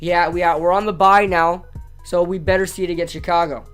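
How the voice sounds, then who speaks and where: A man with a hoarse, strained voice, ranting casually about his football team as a sports vlogger, often repeating himself as he gets fired up. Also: high voice, fairly even intonation, a little fast, fairly bright tone, faint music behind. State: hoarse from yelling at a game.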